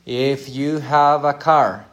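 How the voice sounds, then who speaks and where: A man's voice: medium pitch, fairly even intonation, takes it slowly. A middle-aged man preaching a conversational sermon, speaking directly and asking his listeners rhetorical questions.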